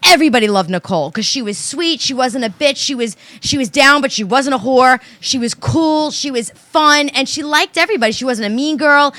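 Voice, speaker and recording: A woman with a fairly high voice tells a personal story on a casual podcast. She is blunt and foul-mouthed but sincere. The recording is dry, with no room sound. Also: expressive, a little fast, few pauses, fairly bright tone, no room sound. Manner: blunt, profane, earnest storyteller. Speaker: podcast co-host. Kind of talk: casual chat.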